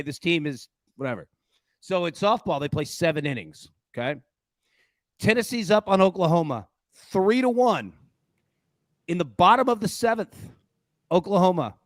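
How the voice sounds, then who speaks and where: Brief: male sports betting host, animated and joking, a touch high, dry close sound. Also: no room sound. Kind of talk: casual sports betting chat.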